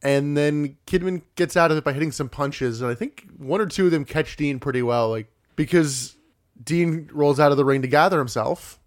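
A man's voice: on the high side, moderate pace. A man co-hosting a wrestling podcast, recapping matches in an easygoing, matter-of-fact way. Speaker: podcast co-host. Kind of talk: casual wrestling recap chat.

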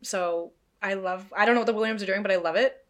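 A woman's voice: medium pitch, fast. Playful young woman co-hosting. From Canada. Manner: playful, laughing, blunt. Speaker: podcast co-host. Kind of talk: casual chat.

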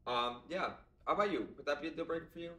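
A young man co-hosting a podcast with a bright, clear tone. He chats loosely with lots of fillers and easy jokes. He sits a little back from the mic in a room with plenty of echo. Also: a little high, rapid-fire, recorded from a distance. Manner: chatty, many ums and likes, jokey. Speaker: podcast co-host. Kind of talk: casual chat. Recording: echoey room, voice a bit off-mic.

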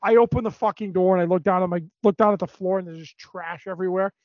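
A high-voiced man tells a rambling story with plenty of swearing and energy. His voice sits dry and close in a dull, lo-fi recording. It sounds like casual podcast chat. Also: fast, no room sound. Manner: animated, profane storytelling. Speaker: podcast co-host.

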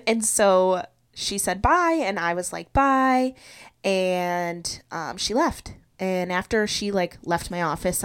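A young woman hosting a solo podcast, retelling a personal story in an animated, confessional way. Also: on the low side, smooth. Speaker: podcast host.

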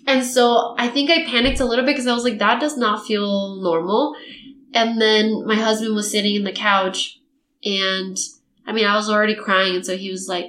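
A woman's voice: medium pitch, normal speed. A young woman, a podcast host, telling a personal story in casual chat and acting out what people said. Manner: animated storytelling, acting out quotes. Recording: echoey room.

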